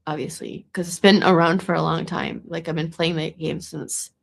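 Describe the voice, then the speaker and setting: A woman's voice: low voice, flat delivery, normal speed, creaky, breathy edge. A woman talking in a casual, meandering monologue to the camera, restarting and repeating words as she goes. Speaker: vlogger.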